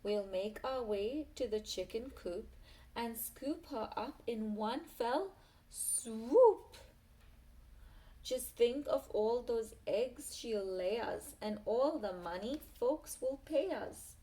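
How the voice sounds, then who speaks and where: A scheming, burly storybook crook who bosses his partner around, read aloud by a woman. He talks in an unhurried, plotting way, and the voice sits a touch high. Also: dark tone. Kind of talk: reading a picture book aloud.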